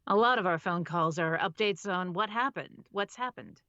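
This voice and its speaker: A woman's voice: fairly low pitch, moderate pace, bright, forceful tone, lo-fi sound. A woman narrating a novel on a live stream, often stopping to re-read lines and laughing at her own slips. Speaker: audiobook narrator.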